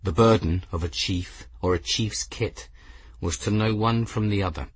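A man reading a story aloud as narrator in a measured, even way. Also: fairly low pitch, husky, no room sound. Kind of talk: audiobook narration.

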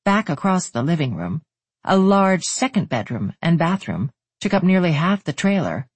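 An audiobook narrator reading a novel in steady, even storytelling. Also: medium pitch, normal speed, husky, no echo.

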